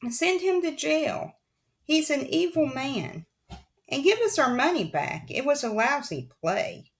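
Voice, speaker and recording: An angry, jeering heckler in a theater crowd, read by a woman in a storybook audiobook, with raised, emphatic calls and a lively, swinging pitch. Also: a little slow, heavily acted. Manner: loud, jeering. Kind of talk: audiobook character voice.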